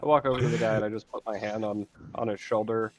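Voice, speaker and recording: A man's voice: lowish voice, fairly even intonation, fast, a little mellow. A man playing a tabletop game, talking casually and joking. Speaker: player.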